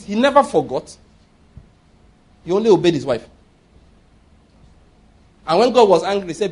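A man's voice: sits high, expressive, normal speed, pauses often, slightly rough. A man preaching a sermon, emphatic and often asking his listeners rhetorical questions.

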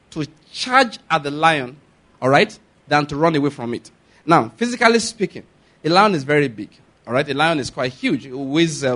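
A man preaching a sermon, often pausing to ask the congregation if they follow his point. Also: a little high, fairly bright tone. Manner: repeats rhetorical questions to the congregation. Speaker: pastor.

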